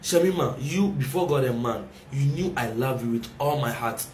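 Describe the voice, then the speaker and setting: A man's voice: mid-range voice, normal speed, darkish tone, reverberant, a little hiss or hum. A young Ghanaian man with a Ghanaian accent in an emotional casual rant, repeating himself and pleading, mixing in local words. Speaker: reality show contestant reacting on social media.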